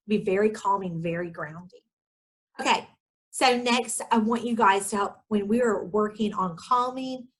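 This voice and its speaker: A woman's voice: medium pitch, a bit bright. A woman giving a parenting education webinar, talking in a loose, conversational way with many fillers and asides. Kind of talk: webinar presentation. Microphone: webinar microphone.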